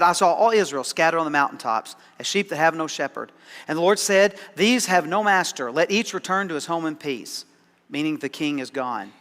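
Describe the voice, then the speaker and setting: A man's voice: fairly high pitch, fairly bright tone, long reverb tail. A man preaching a sermon as pastor, conversational and dryly sarcastic, often repeating words as he starts a thought. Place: church sanctuary.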